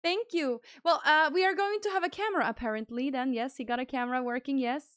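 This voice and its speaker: A young woman streaming live, chatting casually and squealing excited thanks to donors. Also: sits high, quick pace, dry recording, clean studio sound.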